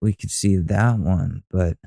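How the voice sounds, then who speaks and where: A man's voice: sits low, steady tone, a little slow, vocal fry, mellow, no room sound, clean studio sound. A young man hosting a podcast, reacting to a video with mocking, profane, rambling commentary. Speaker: podcast host.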